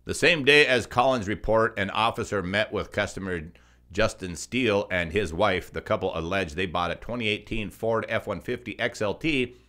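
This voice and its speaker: Guy co-hosting car news, lowish voice, sarcastic little jabs. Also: normal speed, bright, forceful tone. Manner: sarcastic, mocking asides. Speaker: co-host. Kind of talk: scripted news commentary.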